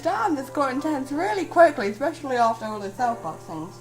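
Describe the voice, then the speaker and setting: A woman doing casual game commentary, tossing off sarcastic asides in a fairly high voice that sounds a bit sore. Quiet music plays underneath. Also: lively intonation, a little fast, gravelly, hardly any pauses, rough recording. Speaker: let's-play gamer. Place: home room.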